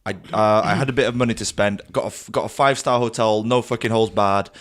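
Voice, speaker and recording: A man's voice: lowish voice, steady tone, fast talker. A young man, a podcast co-host telling a long story in casual banter, stammering and swearing freely.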